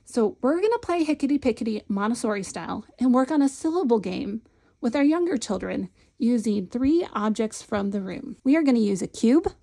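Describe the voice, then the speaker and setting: A woman's voice: a little high, animated, brisk, creaky, mellow. A woman demonstrating a classroom syllable game in a patient, instructional way, modeling the chant in a sing-song voice. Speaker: Montessori teacher trainer.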